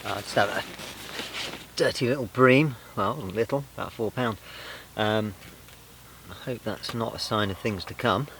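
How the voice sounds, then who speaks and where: A man's voice: on the low side, moderate pace, background noise. A man from England filming a casual fishing vlog outdoors by a lake, chatting and explaining his tackle step by step. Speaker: angler vlogger.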